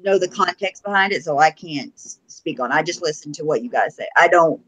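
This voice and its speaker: A woman's voice: sits low, animated, a little fast, husky, rough recording. A woman co-hosting a casual live-stream chat, blunt and profane, teasing with laughter.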